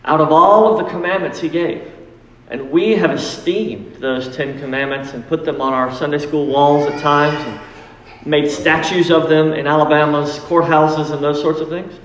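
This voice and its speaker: A man's voice: a little high, steady tone, moderate pace, a bit bright. A male pastor preaching a sermon, emphatic and rising into acted pleas. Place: church sanctuary. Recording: echoey hall with long reverb.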